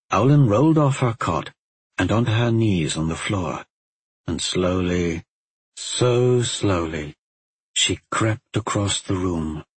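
A man with a low, husky voice narrates a fantasy audiobook, slow and hushed to build suspense. The recording is close and dry, with no room sound. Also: no room sound, low-quality recording.

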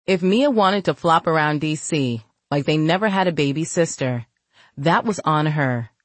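A woman narrates a novel for an audiobook in a measured, even manner. Her voice sits fairly low. The recording is dry and close, with no room sound. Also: dry recording. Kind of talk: scripted narration.

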